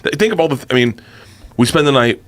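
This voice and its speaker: A man telling a story on a casual podcast in an animated way, acting out quotes, laughing often and swearing freely. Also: mid-range voice, fast talker.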